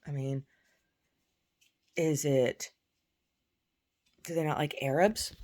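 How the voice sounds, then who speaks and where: A woman's voice: deep voice, steady tone, takes it slowly, a little mellow. A woman telling an angry story in a casual, profane rant with stammered restarts, at home. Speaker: vlogger. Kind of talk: casual ranting monologue.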